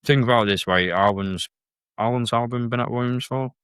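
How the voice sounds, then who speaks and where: A man's voice: mid-range voice, a little fast, a bit bright, smooth, no room sound. A man talking as a guest on a casual podcast, plain-spoken and a little hesitant. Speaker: guest presenter.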